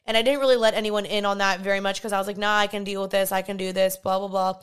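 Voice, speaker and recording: Speaking quickly in a clean, medium-pitched voice, a young podcast host shares a personal story in a faith-based monologue. She is candid and chatty, bringing the tale to life by acting out people's words.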